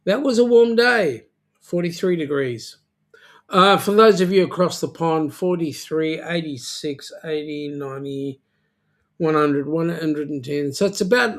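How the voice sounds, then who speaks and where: A man hosting a casual livestream chat, from South Africa, teasing his viewers and talking in halting bursts full of filler sounds and restarts. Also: on the high side. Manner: joking and teasing. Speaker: livestream host.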